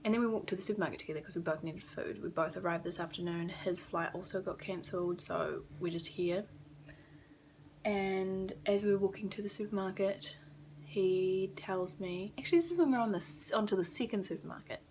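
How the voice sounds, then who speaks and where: A woman's voice: lowish voice, fast talker, hardly any pauses, a little mellow, slight background noise. A young woman from New Zealand with a New Zealand accent, rambling casually and swearing now and then in a vlog recorded in a small rented apartment. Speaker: vlogger.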